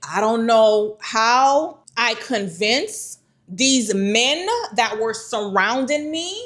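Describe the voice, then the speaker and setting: A woman telling a personal story to camera in an animated, repetitive way. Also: fairly high pitch. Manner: animated, lively storytelling with repeated phrases.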